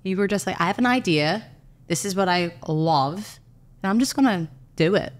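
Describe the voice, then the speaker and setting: A woman's voice: fairly low pitch, expressive, normal speed. Enthusiastic young woman podcast host. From Philadelphia. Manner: enthusiastic, gushing reactions. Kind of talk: casual interview chat.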